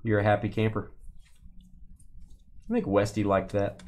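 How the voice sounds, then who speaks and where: A man's voice: lowish voice, a little slow. A man hosting a live card break stream, chatting casually with viewers and teasing them as he opens packs. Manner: chatty, playful teasing, lively.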